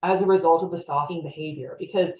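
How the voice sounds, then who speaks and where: A woman's voice: on the low side, steady tone, fast, warm tone. A woman presenting a training webinar in a conversational way, often checking in with "right?". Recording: roomy, distant, dull-sounding audio.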